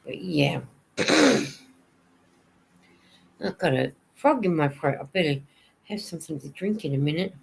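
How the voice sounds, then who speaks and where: A woman's voice: sits low, expressive, unhurried, vocal fry, pauses often, breathy edge. A woman hosting a casual livestream, chatting and answering viewer comments. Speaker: knitting vlogger hosting a livestream.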